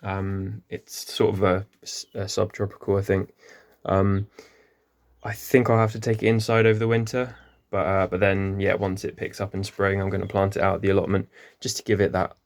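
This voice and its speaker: A man's voice: low-pitched, flat delivery, normal speed. A man gives a rambling, casual tour of his small greenhouse, full of ums and self-corrections. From England. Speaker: gardening vlogger. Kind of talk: casual walk-through tour.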